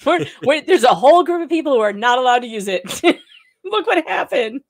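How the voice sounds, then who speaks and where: A woman's voice: high-pitched, sing-song, no room sound. A woman guesting on a live stream, chatting casually and laughing a lot. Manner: giggly, chatty, quick to laugh.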